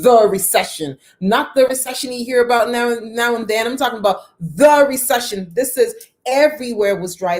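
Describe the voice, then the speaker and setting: A woman's voice: medium pitch, darkish tone. A woman in her thirties telling a personal story on a live stream, greeting viewers by name and swinging her voice up and down for drama. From lives near Toronto.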